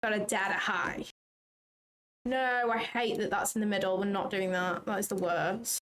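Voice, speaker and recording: A young woman hosting a trading livestream, chatty and excitable, swearing casually. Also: mid-range voice, moderate pace, low-quality recording. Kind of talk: casual live commentary.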